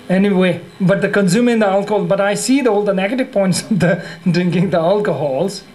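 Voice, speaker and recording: A man with a Tibetan accent, a Buddhist monk giving a teaching, speaking haltingly, repeating and correcting himself, laughing often. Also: high voice, darkish tone, rough recording. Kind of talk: dharma teaching with humor. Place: teaching hall.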